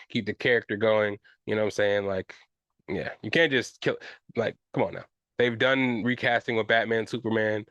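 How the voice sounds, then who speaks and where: A man's voice: on the low side, a bit bright, no echo, highs cut off. Rambling, profane male podcast host. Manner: loose, profane, rambling with "you know what I'm saying". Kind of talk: casual solo podcast commentary.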